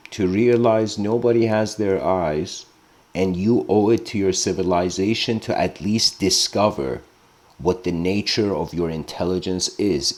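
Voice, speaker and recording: A man giving a casual lecture, rambling and informal with lots of filler words. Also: deep voice.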